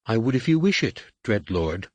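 A man's voice: on the low side, sing-song, moderate pace, no echo, muffled recording, pitched above the performer's own voice. A man reading an audiobook and voicing a humble, frightened female alien scientist, deferential and pleading. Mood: fearful pleading.

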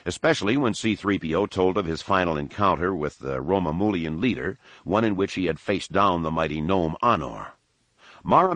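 Deep male audiobook narrator, steady and unhurried, dry close recording. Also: no echo. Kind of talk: scripted narration.

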